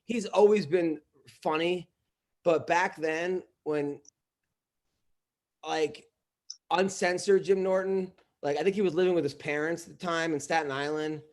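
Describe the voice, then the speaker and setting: A man's voice: a little high, steady tone, a little slow, long pauses. A man, a comedian, telling rambling stories in casual podcast chat, full of fillers and restarts. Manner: rambling storytelling with lots of fillers. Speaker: comedian guest.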